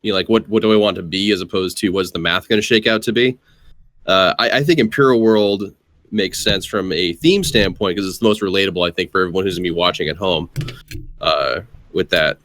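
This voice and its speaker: A man's voice: low-pitched, fairly quick, fairly bright tone, no room sound. A man playing a tabletop game, thoughtfully explaining his choice. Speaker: player. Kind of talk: casual reflective chat.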